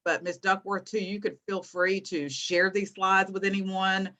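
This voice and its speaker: A woman in her thirties, a guest teacher, explaining things to students in an encouraging, animated way over a video call. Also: medium pitch, unhurried. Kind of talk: online class teaching.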